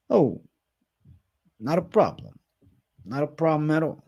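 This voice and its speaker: A man's voice: a little high, big pitch swings, a little slow, creaky, mellow, breathy edge. A young man hosting a casual MMA livestream Q&A, talking in a profane, slangy way and calling viewers bro.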